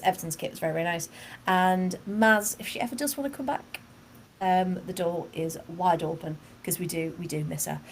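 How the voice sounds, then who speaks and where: Woman co-host, slightly low pitch, easygoing and chatty, quick to laugh. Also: a little mellow, slight background noise. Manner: chatty, laughs often, many fillers. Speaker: podcast co-host. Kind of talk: casual football podcast chat.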